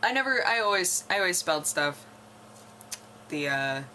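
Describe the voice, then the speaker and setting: Young woman from north america rambling to camera, low but bright voice, laughs a lot, trails off mid thought. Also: sing-song, normal speed, a little hiss or hum. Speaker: vlogger. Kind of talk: casual chat to camera.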